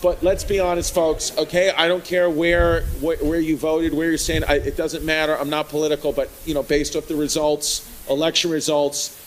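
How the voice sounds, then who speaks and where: A man from New York doing live stand-up comedy on a club stage, loud and rowdy, shouting his punchlines. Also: a little high, little pitch movement, normal speed, few pauses. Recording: live club recording with crowd noise. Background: laughing crowd.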